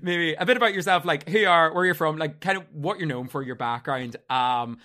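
Northern irish man, podcast host, rambly, giggles, lots of uhs and restarts, slightly high voice. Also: a little fast, bright, forceful tone. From Northern Ireland. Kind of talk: casual podcast chat.

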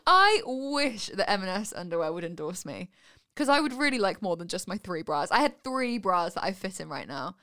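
A woman co-hosting a podcast in casual chat, giggly and animated and quick to laugh. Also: medium pitch. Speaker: podcast co-host.

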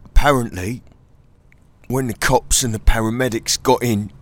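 A British man telling an absurd comic tall tale in deadpan style, teasing a sidekick as he goes. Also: medium pitch, moderate pace. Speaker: comedian. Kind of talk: comic storytelling monologue.

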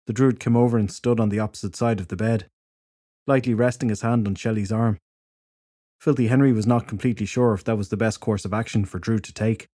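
A man's voice: fairly low pitch, no echo. Man narrating an audiobook, dry and close. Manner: steady, measured storytelling. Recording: dry close studio recording.

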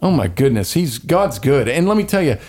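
A man hosting a podcast in casual, opinionated chat, rambling and animated with slangy asides. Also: medium pitch, fairly quick. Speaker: podcast host.

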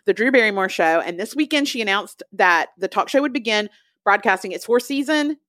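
A woman in her forties co-hosting a casual pop-culture podcast, talking in an animated, gushing way with quick asides. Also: mid-range voice, no echo, studio quality. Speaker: podcast co-host.

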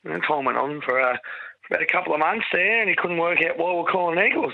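Gravelly man on a dull voice message. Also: fairly high pitch, animated, fast. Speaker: caller leaving a voice message.

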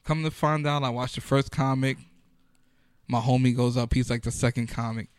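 A man's voice: mid-range voice, steady tone, normal speed, clear, resonant tone, no echo. A man, a comedian, telling stories in a loose, profane, slang-filled manner during a casual podcast chat.

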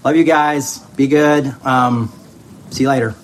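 A male pastor signing off a sermon in a loose, chatty way, often poking fun at himself. Mid-pitched and even, with a faint hiss of noise under the voice. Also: measured pace. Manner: relaxed, rambling, self-deprecating. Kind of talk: casual sermon sign-off.

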